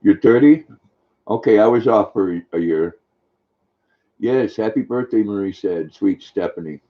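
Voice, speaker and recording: A man's voice: fairly low pitch, measured pace, dull audio. An older man hosting a casual live stream, chatting affectionately and talking sweetly to his dog.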